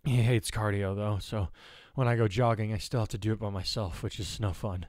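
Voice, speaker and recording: A man's voice: on the low side, fairly even intonation, brisk, darkish tone, no room sound, clean studio sound, close to an everyday voice. A man voicing a distraught teenage girl hero student who is tired and short of breath from jogging. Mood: weary.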